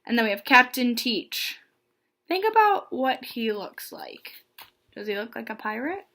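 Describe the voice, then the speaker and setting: Woman storyteller, children's read-aloud, guiding listeners, fairly high voice. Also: sing-song, measured pace, a bit bright. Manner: friendly, guiding young listeners through pictures. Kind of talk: reading a children's book aloud.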